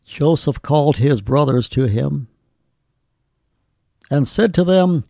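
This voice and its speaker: A man preaching a sermon, telling stories and quoting scripture in a slow, deliberate way. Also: fairly high pitch, expressive, mellow, no echo. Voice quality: gravelly. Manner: slow, deliberate delivery with scripture quoted in old English.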